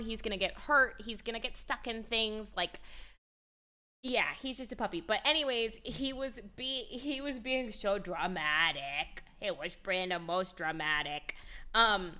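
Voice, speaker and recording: A woman's voice: medium pitch, pushed and bright. A young woman streamer in casual chat, talking freely with lots of fillers and casual swearing.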